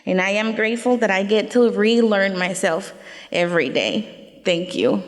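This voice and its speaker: On an event venue stage, a woman shares her personal testimony in an earnest, reflective way, punctuated by short declarations of faith. Her mid-range voice moves at normal speed, with a big-room sound and some chatter in the background.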